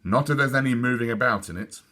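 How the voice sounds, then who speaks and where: A man voicing a grumpy father with a sore back, speaking low, flat and grumbling. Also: quick pace, close to an everyday voice.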